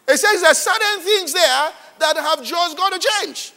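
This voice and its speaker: High-voiced pastor preaching. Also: male voice, a little slow. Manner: animated, repeats "all right" and "are you following". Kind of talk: sermon. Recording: long hall reverb.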